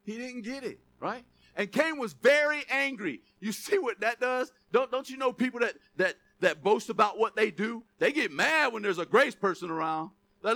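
A man preaches at a normal speed in a high-pitched, animated voice with a sharp tone. He's a pastor with a joking, punchy, conversational delivery who laughs frequently and checks in with listeners by asking "Amen?" and "right?"

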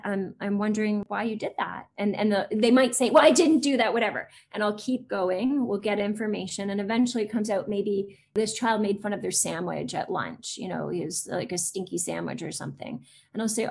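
A woman's voice: medium pitch, creaky, a little hiss or hum. A woman in her forties talks casually as a guest on an interview show. She is chatty, fills her sentences with little fillers, and slips into other voices when she quotes children. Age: 40s. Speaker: guest, educator.

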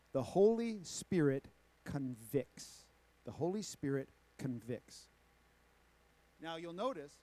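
Male pastor, sermon delivery, emphatic repetition, rhetorical questions; fairly high voice, dry close sound. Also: warm tone, dry recording. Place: church sanctuary.

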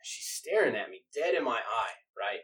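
A man casually telling a story on a chat show, laid-back and swearing, laughing often and quoting others flatly. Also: mid-range voice, normal speed, slightly rough, poor audio. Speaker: podcast co-host telling a story.

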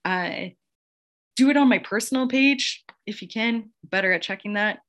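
A woman's voice: fairly high pitch, moderate pace. Gushing woman hosting a motivational podcast. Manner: warm, gushing, laughs often. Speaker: podcast host. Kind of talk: casual motivational monologue.

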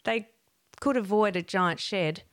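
A woman's voice: medium pitch, a little slow, clear, resonant tone, no room sound. Chatty aussie woman hosting a podcast from her shed, laughs a lot, dry close sound. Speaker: podcast host. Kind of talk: casual chat. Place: garden shed.

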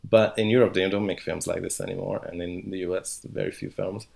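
A man's voice: deep voice, fairly even intonation, a little fast, creaky, darkish tone. A middle-aged man, a philosopher, talking as a podcast guest with many restarts and hesitations. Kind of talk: podcast interview.

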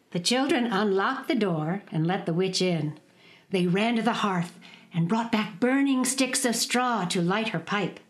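A woman reading a children's storybook aloud in an expressive, sing-song way. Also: mid-range voice, unhurried.

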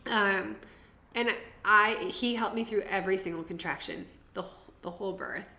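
A woman's voice: medium pitch, expressive, moderate pace, pushed and bright. A young woman telling her birth story as a podcast guest, chatty and laughing, drifting into tangents. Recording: roomy echo.

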